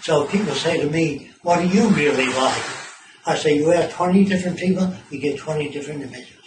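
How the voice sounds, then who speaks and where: A man's voice: fairly high pitch, fairly quick. Blunt man talking in an echoey room. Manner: blunt, profane, storytelling with asides. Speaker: speaker addressing visitors. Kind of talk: informal talk to a small group. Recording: echoey room, mic far off, clear background noise.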